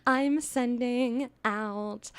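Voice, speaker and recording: A young woman hosting a live stream, chatting casually and gushing effusively, swinging between loud excitement and soft earnest talk. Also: fairly high pitch, extremely slow, clean tone. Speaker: livestream host.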